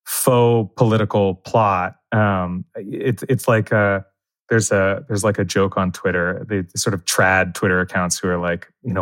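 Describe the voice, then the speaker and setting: Low-voiced man chatting as podcast guest. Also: steady tone, measured pace, fairly bright tone. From New Jersey. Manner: enthusiastic, stumbles and restarts often. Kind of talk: casual chat.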